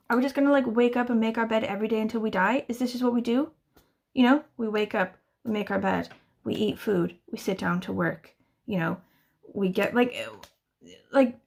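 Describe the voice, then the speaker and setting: A woman's voice: fairly high pitch, vocal fry. A woman in her thirties chatting casually to camera, rambling and swearing freely in exasperated rants. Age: 30s. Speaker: booktuber answering a tag.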